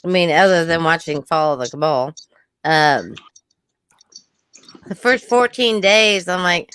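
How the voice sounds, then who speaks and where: A woman co-hosting a casual chat, relaxed and quick to laugh. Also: fairly low pitch, clean tone, no echo. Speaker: co-host.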